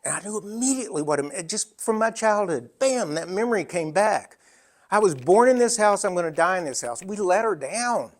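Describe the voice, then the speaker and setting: A man in his sixties giving an emphatic storytelling talk, full of dramatic pauses. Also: sits high, animated. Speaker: speaker.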